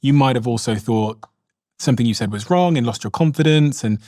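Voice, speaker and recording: A man's voice: mid-range voice, brisk, dark tone, dry recording, studio quality. A man hosting a podcast interview, giving short, engaged replies and summing up the guest's point. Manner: engaged, responds briefly then sums up. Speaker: podcast host.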